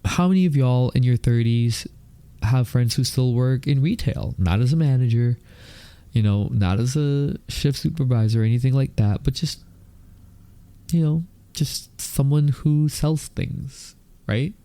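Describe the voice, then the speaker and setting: A man in his mid-thirties hosting a casual solo podcast, with a slight lisp from retainers, speaking slowly with many fillers. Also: mid-range voice, warm tone, dry recording. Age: mid-30s. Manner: talks slowly and deliberately, with frequent fillers. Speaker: podcast host.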